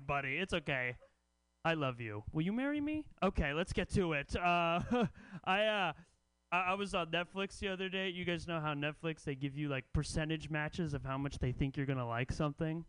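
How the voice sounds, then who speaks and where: A male stand-up comic with a notably high, smooth, resonant voice. He delivers his set with wry, deadpan asides to the audience. The recording is close and dry. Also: no room sound. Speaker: comedy festival host and comic.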